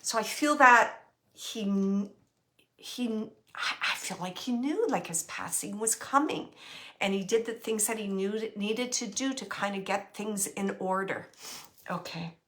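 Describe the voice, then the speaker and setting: A woman acting as a psychic medium, relaying a spirit's messages in a halting, searching way and often laughing. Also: medium pitch, bright, forceful tone. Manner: halting, searching, thinking aloud.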